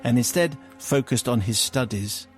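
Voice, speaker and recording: A man hosting a radio show, reading a listener's confession letter aloud in a dry, measured way. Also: medium pitch, expressive, faint music behind. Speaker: radio host. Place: radio studio.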